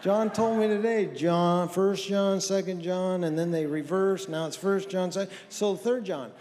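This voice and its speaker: Middle-aged male comic, high voice, folksy self-deprecating storyteller in a reverberant church hall. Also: steady tone, a little slow, a little mellow, a little hiss or hum. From American Southwest. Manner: folksy, self-deprecating, acts out others' lines. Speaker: stand-up comedian. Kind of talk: stand-up storytelling.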